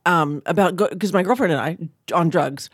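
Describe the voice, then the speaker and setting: A woman's voice: moderate pace, slightly rough, dry recording, clean studio sound. A middle-aged woman from Oklahoma co-hosting a podcast, chatting bawdily, laughing often and acting out quotes. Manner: bawdy, laughs often, acts out quotes with swooping pitch. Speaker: podcast co-host. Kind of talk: casual chat.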